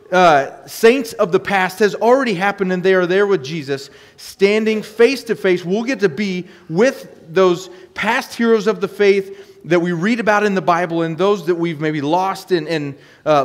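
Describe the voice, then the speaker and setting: A man preaching a sermon, earnestly reading scripture aloud between his own remarks. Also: high-pitched. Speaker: pastor. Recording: long hall reverb.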